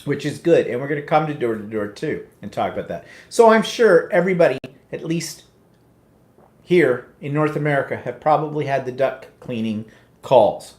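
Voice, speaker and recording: Co-host, male, lively teasing delivery, roomy echo on the mic. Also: medium pitch, normal speed. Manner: chatty, teasing, keeps steering the talk back on track. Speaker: co-host of a live chat show. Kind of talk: casual livestream chat.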